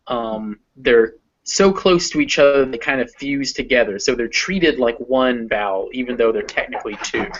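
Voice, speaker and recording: A man's voice: medium pitch, a bit bright, dull audio. A man with a Southern American accent teaching English pronunciation, patiently modeling vowel sounds for a learner. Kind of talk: explaining phonetics to a learner.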